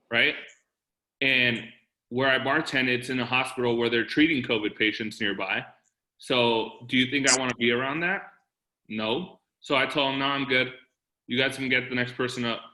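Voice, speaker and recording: A man's voice: mid-range voice, pushed and bright, echoey room, low-quality recording. A man telling a personal story in a plain, matter-of-fact way on a business call. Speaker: co-presenter. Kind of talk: casual talk on a business call.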